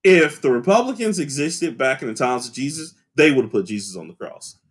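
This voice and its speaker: A man hosting a casual podcast chat, talking with passion and heavy profanity, sometimes raising his voice to a shout. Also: medium pitch, expressive, a little fast, husky. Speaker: podcast host.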